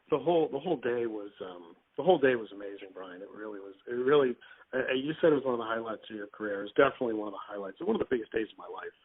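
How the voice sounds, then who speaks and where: Fast-talking, excited man on a call. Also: on the low side, breathy edge. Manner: eager and excitable. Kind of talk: excited conversational chat. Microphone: call line. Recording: tinny phone-like call audio.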